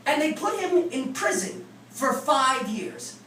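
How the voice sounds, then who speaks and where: A man performing a loud, brash stand-up comedy set in an apartment living room, often shouting. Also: extremely high pitch, big pitch swings, takes it slowly, slight background noise. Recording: roomy echo, distant mic, loud audience laughter.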